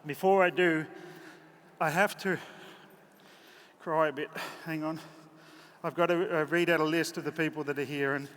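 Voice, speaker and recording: A man's voice: fairly high pitch, fairly even intonation, normal speed, pauses often, fairly bright tone, a little hiss or hum. An Australian man giving a horse clinic from the saddle, chatty, joking and openly emotional, on a headset mic in a large indoor arena. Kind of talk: live clinic commentary from horseback. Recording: echoey arena with faint ambience.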